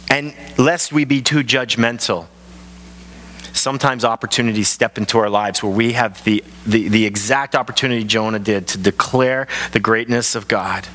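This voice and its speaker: Bright-voiced pastor in a reverberant hall. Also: male voice, mid-range voice. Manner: animated storytelling, acts out voices. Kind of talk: sermon. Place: large church hall.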